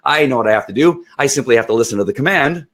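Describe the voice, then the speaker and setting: A man's voice: mid-range voice, lively intonation, very fast, fairly bright tone, lightly acted. A man voicing a dog's thoughts as it works out a training cue, in a plain, relieved tone. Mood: realizing. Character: dog working out a training cue.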